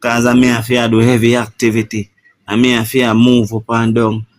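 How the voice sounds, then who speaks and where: A man's voice: mid-range voice, completely flat delivery, normal speed, no echo. A man with a Jamaican Patois accent giving an emotional personal account in an interview, often adding "you know, bro". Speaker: shipwreck survivor.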